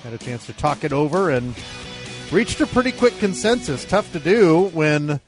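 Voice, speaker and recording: A man hosting a postgame high school football radio show, brisk and leading the talk. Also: animated, faint music behind. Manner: brisk, leads the segment. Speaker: play-by-play radio announcer.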